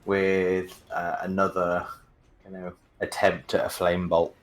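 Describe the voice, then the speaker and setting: A man's voice: low-pitched, completely flat delivery, slow pace, faint music behind. A man playing a tabletop game, hesitant and self-deprecating, searching for his words. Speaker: player.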